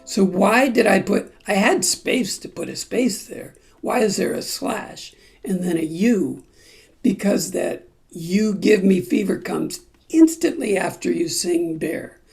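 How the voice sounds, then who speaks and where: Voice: medium pitch, lively intonation, measured pace, gravelly, soft background music. A ukulele group teacher explaining song timing step by step and breaking into snippets of the lyrics. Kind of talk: song-by-song music lesson.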